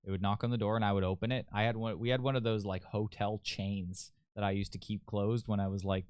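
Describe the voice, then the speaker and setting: Young male podcast host, rambling profane storyteller, smooth clean tone. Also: on the low side, flat delivery, brisk, a little mellow, dry recording. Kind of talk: casual storytelling.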